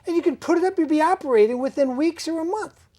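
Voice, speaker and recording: A woman hosting a casual interview, her voice mellow and dark-toned and sitting a touch high. She talks in an animated way and builds out long hypothetical scenarios. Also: fast.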